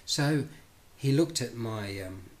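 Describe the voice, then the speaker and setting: A man's voice: mid-range voice, slow. A middle-aged man tells a personal story, acting out the dialogue with lots of restarts. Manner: animated, acts out both sides of dialogues, lots of restarts. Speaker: speaker telling his life story.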